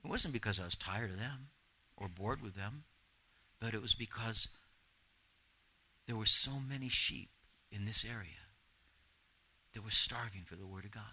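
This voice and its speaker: Pastor guy in his fifties preaching, super bright voice, earnest and emphatic. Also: on the low side, normal speed, long pauses, breathy edge, low-quality recording. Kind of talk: sermon.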